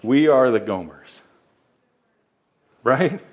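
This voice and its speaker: A man's voice: medium pitch, animated, slow pace, muffled recording. Male pastor, mid-range voice, delivering an earnest, emphatic sermon. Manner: earnest, emphatic preaching with repeated words.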